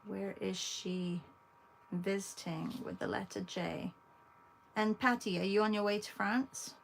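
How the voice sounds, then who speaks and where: A woman with an English accent, hosting an art livestream, chatting casually with viewers while she paints and pausing often. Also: mid-range voice, steady tone, creaky, a little hiss or hum. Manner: chatty, talks to viewers between long pauses.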